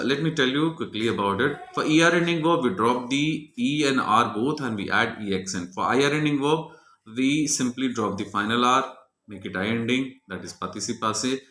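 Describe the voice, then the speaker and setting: Guy teaching french grammar, bright clear voice, goes thru each answer step by step, echoey room. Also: mid-range voice, normal speed. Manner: methodical, walks through each answer step by step. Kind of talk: explaining a French grammar lesson.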